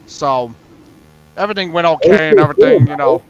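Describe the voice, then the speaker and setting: A man's voice: on the high side, brisk, lo-fi sound. A man telling a long story in casual chat, rambling with many fillers and frequent swearing. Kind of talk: casual storytelling on an open voice panel.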